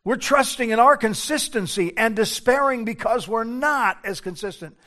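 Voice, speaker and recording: An older man, a pastor, preaching a sermon earnestly, moving between hushed low passages and raised urgent ones. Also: moderate pace.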